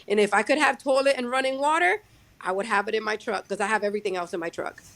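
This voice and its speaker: A young adult woman who drives her own truck, talking casually in a podcast interview, halting and restarting her sentences often. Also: mid-range voice, a bit bright. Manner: halting, many restarts and fillers. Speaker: guest, owner-operator truck driver.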